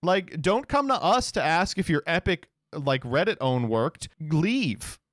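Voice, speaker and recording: Sarcastic man reading posts, lively pitch. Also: measured pace, no room sound, clean studio sound. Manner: sarcastic, swears, mocks posts in quoted voices. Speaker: podcast co-host. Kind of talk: casual chat, reading posts aloud.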